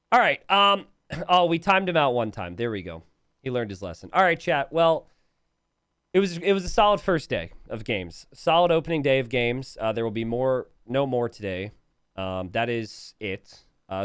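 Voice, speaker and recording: A mid-range voice with a clear, resonant tone, captured as a dry studio-quality recording. This man is a game caster chatting casually on stream about viewer memes, giggly and animated, laughing mid-sentence, teasing his viewers, and self-correcting.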